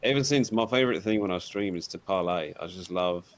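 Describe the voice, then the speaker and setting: A man's voice: deep voice, brisk. A man chatting casually during a game stream, playful and fond of hammy pirate talk.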